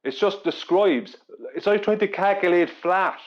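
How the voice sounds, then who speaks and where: A man's voice: high voice, a little slow, dull audio. A man in a live stream discussion, explaining a point earnestly with frequent restarts and repeats.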